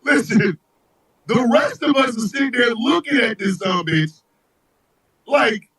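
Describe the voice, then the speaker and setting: A male host delivers a comedic live rant, profane and often shouting. His voice is high and a little husky. It jumps up and down constantly as he riffs. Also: animated, a little slow, pauses often, poor audio.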